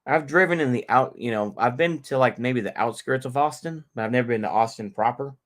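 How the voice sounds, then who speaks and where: A man's voice: mid-range voice, fairly quick, a bit bright. A middle-aged man from North Texas, hosting a casual livestream and ranting in a rambling, profane way that keeps circling back to the same points. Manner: profane, rambling, repeats himself. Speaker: livestream host.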